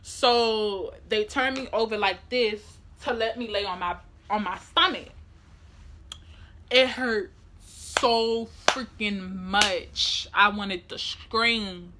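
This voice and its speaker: A young woman, telling a personal story in an animated, demonstrative way. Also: medium pitch, measured pace, a little hiss or hum. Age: young adult. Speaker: vlogger. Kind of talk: emotional storytime.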